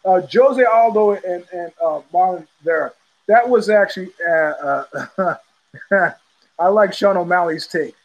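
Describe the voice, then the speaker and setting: A man's voice: high-pitched, a little slow, muffled recording. A man hosting his own show, talking in a blunt, sardonic, rambling way, with frequent restarts. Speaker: host. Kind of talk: casual solo commentary.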